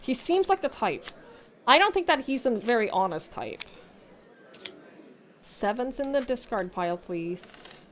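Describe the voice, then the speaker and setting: A woman streamer with a higher, animated voice talks unhurriedly and pauses often, with a little hiss or hum in the audio. Commentating live on her own play, she speaks to the game, curses, laughs and thinks aloud, moving from muttering to yelling.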